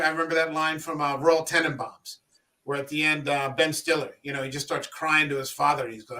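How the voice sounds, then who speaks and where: A man's voice: fairly high pitch, flat delivery, brisk, bright, forceful tone. A man co-hosting a casual film podcast, telling stories in a rambling way and swearing freely. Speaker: podcast co-host. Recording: voice a bit far from the mic.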